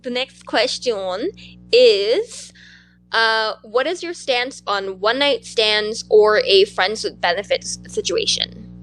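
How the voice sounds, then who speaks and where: Animated, blunt young woman podcast host. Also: on the high side, slow pace, rough recording. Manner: animated, blunt, swears freely, many "like" fillers. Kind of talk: casual chat, storytelling.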